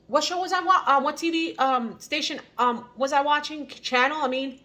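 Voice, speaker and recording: A woman's voice: high-pitched, normal speed, pushed and bright. A woman with a New Jersey accent chatting casually to the camera in an eat-and-chat vlog, rambling with many fillers and restarts. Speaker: vlogger.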